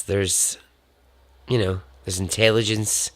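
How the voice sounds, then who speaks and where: Podcast guy rambling and swearing a bit, gravelly, kinda low voice, dry sound. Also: steady tone, takes it slowly, no room sound. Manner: swearing, loose and chatty. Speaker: podcast host. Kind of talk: casual rambling sign-off.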